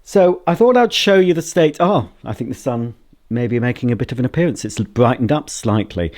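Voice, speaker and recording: A man's voice: medium pitch, animated, brisk, a little mellow. A man chatting to a handheld camera at home in a rambling vlog, full of self-mocking asides. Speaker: vlogger. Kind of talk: casual solo vlog to camera. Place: at home, indoors. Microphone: handheld camera at arm's length.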